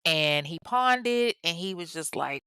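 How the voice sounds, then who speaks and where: A woman casually telling a true crime story, animated and chatty, drifting into tangents and casual swearing. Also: on the low side, measured pace, smooth, no room sound. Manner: animated and chatty, acts out the people she quotes.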